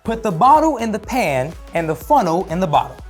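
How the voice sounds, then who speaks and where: A woman co-hosting a children's church show in a scripted skit, calm and steadying as she explains each step. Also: medium pitch, brisk, faint music behind. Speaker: kids' show co-host.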